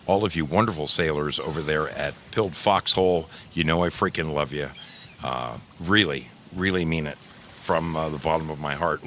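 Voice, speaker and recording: A man's voice: deep voice, moderate pace, bright, forceful tone, a little hiss or hum. A man hosting a casual livestream, greeting viewers in the chat one by one in a playful, effusive way and calling them darling. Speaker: livestream host.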